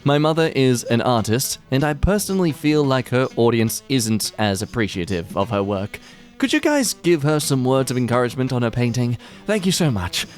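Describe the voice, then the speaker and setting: A man's voice: medium pitch, very animated, normal speed. A young man hosting a comedic read-through of wholesome posts, with silly, jokey asides. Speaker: host reading wholesome posts. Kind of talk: comedic commentary. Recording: soft music behind.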